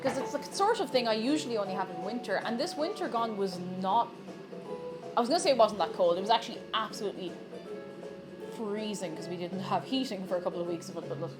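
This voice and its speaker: A woman's voice: medium pitch, lively intonation, quick pace, over music. An Irish woman streamer baking at home and chatting with her viewers in a playful, teasing way. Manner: playful, teasing, joking with chat. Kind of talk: casual chat while baking on stream. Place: home kitchen.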